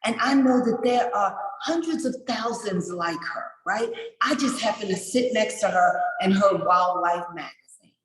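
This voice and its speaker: A woman in her forties, a summit speaker, telling a story with animated passion. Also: medium pitch, normal speed. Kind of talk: storytelling remarks at a virtual summit. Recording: echoey room.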